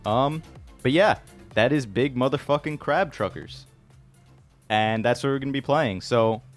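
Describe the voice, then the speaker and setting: A man's voice: mid-range voice, a little slow, soft background music. A man running a tabletop game as game master, explaining rules in a casual, profane way. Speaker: game master for the one-shot.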